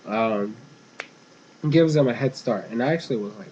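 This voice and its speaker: A young man talks through an episode in a loose, rambling recap, drifting off track and doubling back. His voice sits at an ordinary middle pitch. The recording is dull and lo-fi, with a faint hiss underneath. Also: moderate pace, darkish tone. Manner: rambling, meandering, casual. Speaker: episode reviewer.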